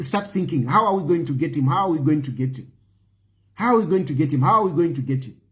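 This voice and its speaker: A man's voice: high voice, darkish tone. A man with a Zambian accent making an impassioned, pleading appeal to viewers as a political commentator, often repeating phrases for emphasis. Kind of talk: impassioned appeal to an online audience.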